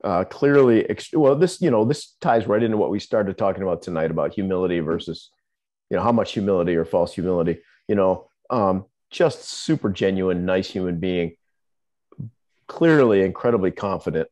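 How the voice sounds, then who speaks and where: A man co-hosting a martial arts podcast on a video call, speaking in a measured way with frequent fillers. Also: low voice, lively intonation, darkish tone. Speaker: podcast co-host. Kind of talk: casual conversation on a video call.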